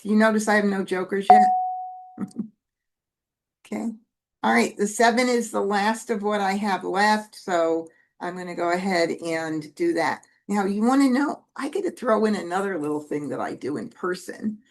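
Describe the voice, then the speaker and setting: A woman with a gravelly, fry-edged voice talks through Mah Jongg strategy as she plays. Her delivery is loose and conversational, with asides and self-corrections. Her pitch sits in the middle for a woman. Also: moderate pace. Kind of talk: casual teaching while playing.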